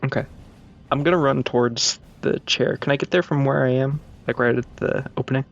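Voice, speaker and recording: A man playing a tabletop game, chatting casually and thinking aloud with hesitant pauses. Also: medium pitch, steady tone, vocal fry, lo-fi sound, soft background music. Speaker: player.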